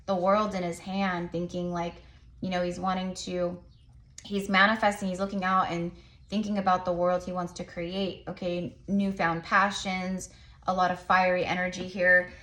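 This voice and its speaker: A woman's voice: fairly low pitch, level tone, a bit bright. Rambling woman giving a tarot reading. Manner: rambling, many fillers and restarts; says she talks fast. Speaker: tarot reader. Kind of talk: casual tarot reading to viewers.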